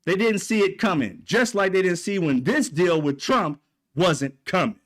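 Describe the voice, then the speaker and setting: Male host, heated profane rant, voice sits a bit high, repeats himself for emphasis. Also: lively intonation, normal speed. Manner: profane, fired up, repetitive. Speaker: commentary channel host.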